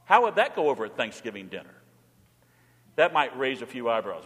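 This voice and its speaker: A pastor preaching a sermon, moving between plain teaching and short acted-out pleas spoken in quoted voices. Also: male voice, mid-range voice, very animated, brisk, long pauses, a bit bright. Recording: church hall reverb.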